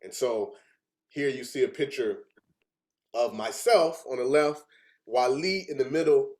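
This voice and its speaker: A man's voice: medium pitch, measured pace, darkish tone. A young adult man giving a heartfelt personal presentation, earnest and fighting back tears at times. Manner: earnest, chokes up with emotion.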